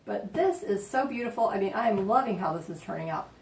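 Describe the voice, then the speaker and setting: A woman vlogging a quilting tutorial at home, rambling and excitable with lots of fillers. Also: fast talker. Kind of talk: casual chatty craft tutorial. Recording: roomy, distant mic, faint rumble.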